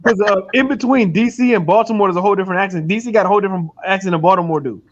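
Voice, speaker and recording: A man's voice: high voice, very fast. A man in casual chat, tripping over and repeating words as he searches for them. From Maryland, USA. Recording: dull lo-fi sound.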